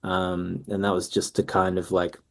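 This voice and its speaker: A musician in his thirties from Australia answers interview questions as a guest, easygoing and saying um often. His voice is low and monotone, at a moderate pace.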